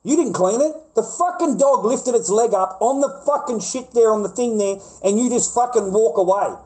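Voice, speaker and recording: Australian livestreamer, middle-aged man, high-pitched voice, heated profane rant. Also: moderate pace, a little mellow, low-quality recording.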